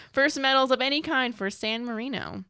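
A woman's voice: sits high, moderate pace, sharp tone, clean tone, dry recording, studio quality. A young woman hosting a casual chat, reading out news items in a light, chatty way.

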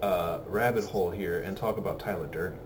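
A man's voice: sits low, brisk, noisy background. A man co-hosting a casual chat about films, rambling with many fillers and restarts. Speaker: podcast co-host.

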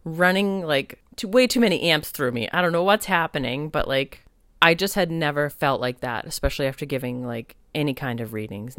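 A woman's voice: low-pitched, a bit bright, no room sound. A woman who works as a spiritual medium, hosting a casual solo podcast and speaking candidly with lots of fillers, laughs and the odd swear. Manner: chatty and candid, heavy on "like", laughs and swears freely.

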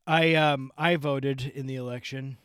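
A man's voice: mid-range voice, fairly even intonation, unhurried, fairly bright tone, smooth, no room sound. A man co-hosting a podcast in casual chat, playful and jokey, drifting into bits. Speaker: podcast co-host.

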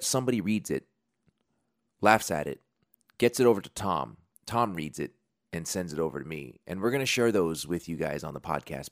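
A man's voice: low voice, no echo, clean studio sound. A man hosting a podcast, chatting casually and reading sponsor spots in a rambling, jokey, self-deprecating way. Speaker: podcast host. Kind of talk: casual unscripted chat and sponsor reads.

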